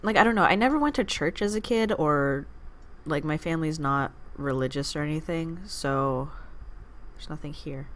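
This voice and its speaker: Low-voiced woman rambling over gameplay. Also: moderate pace, a bit bright. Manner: rambling, distracted chatter with asides; playfully teasing the game character. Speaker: gaming channel host. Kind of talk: let's play commentary.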